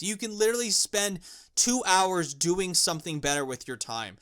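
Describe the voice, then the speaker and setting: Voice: mid-range voice, very animated, moderate pace, fairly bright tone. A film reviewer ranting with exasperation and profanity, repeating words and restarting lines when worked up.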